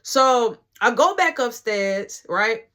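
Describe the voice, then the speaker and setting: A young man telling a casual story, animated and swearing freely as he acts out what everyone said. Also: very high voice, slow pace. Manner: animated, swearing, quoting others.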